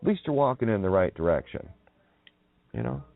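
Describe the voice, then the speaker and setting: A man's voice: deep voice, huge pitch swings, brisk, creaky, dry recording. A man hosting a rambling solo radio monologue. He talks in a profane, mocking way, laughs often and plays on the sounds of words. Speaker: radio show host. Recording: narrow, tinny phone-like audio.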